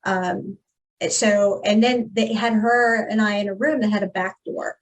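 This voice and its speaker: A woman guest on a podcast interview, retelling a personal story in an emphatic, animated way. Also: medium pitch, unhurried.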